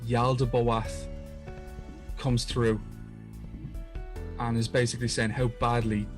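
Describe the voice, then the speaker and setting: A man's voice: medium pitch, flat delivery, takes it slowly, faint music behind. A man co-hosting a podcast, earnestly retelling a story in casual chat, often restarting his sentences. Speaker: podcast co-host.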